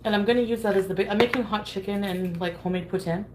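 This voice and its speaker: A woman's voice: mid-range voice, fast, noisy background. Chatty woman rambling while cooking. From Canada. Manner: rambling and chatty, giggles between remarks. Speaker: live streamer. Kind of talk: casual cooking live stream chat.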